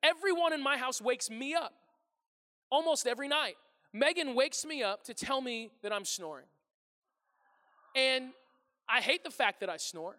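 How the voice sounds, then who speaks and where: A man in his thirties preaches to a congregation with a very high, bright, forceful voice. He tells comic stories about his family, lively and self-deprecating, and slips into voices for his family. His voice rings with the long reverb of a large church hall. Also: normal speed, long pauses. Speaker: pastor. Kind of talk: humorous sermon storytelling.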